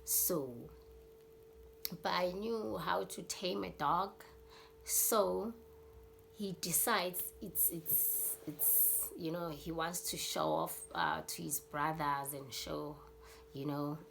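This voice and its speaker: A woman's voice: on the low side, fairly even intonation, takes it slowly, creaky, fairly bright tone, a little hiss or hum. A South African woman telling a story in a casual vlog, rambling with many fillers and acting out scenes. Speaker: YouTuber.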